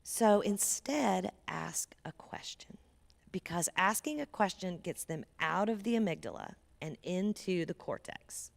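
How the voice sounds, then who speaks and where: Gravelly low-voiced woman giving parenting talk. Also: big pitch swings, measured pace. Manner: earnest, conversational, drops to a near whisper for emphasis. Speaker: guest speaker. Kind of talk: parenting talk to a church audience.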